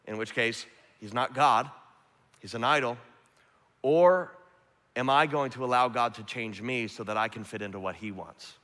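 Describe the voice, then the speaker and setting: A man preaching a sermon, earnest, swinging from emphatic to hushed and soft. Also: mid-range voice. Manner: earnest, rising to emphatic then dropping to hushed. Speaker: pastor. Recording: long hall reverb.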